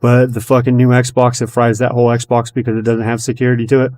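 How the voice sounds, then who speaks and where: Man, casual podcast talker, mid-pitched, constant cursing, rambling story with filler words and acted-out quotes. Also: monotone, fast talker, darkish tone. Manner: retells his own and others' words as quoted dialogue. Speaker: podcast host. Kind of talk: casual chat.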